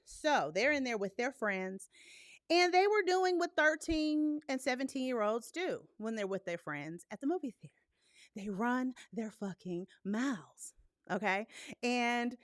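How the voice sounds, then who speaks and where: Woman, young adult, live-stream host, high voice, profane, animated, dry close recording. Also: moderate pace, dry recording. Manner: blunt and profane, animated, laughs often. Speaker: host of a live movie talk show. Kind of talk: casual live-stream chat.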